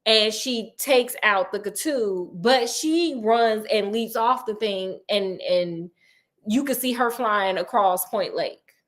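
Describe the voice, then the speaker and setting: A woman casually recapping a horror novel, animated and playful, acting out characters' lines in quick asides. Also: mid-range voice. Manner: playful and sassy. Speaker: book recap host. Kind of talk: casual book recap storytelling.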